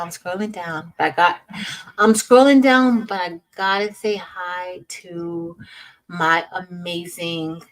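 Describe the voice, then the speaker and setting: A woman's voice: medium pitch, poor audio. A woman hosting a casual craft livestream, greeting viewers by name in an upbeat, chatty way.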